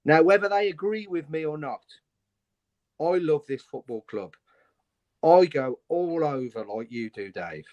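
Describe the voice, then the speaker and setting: A man's voice: fairly high pitch, expressive, a little slow, darkish tone, muffled recording. A man on a fan phone-in show, speaking in an impassioned, ranting way in heated debate. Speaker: fan panelist.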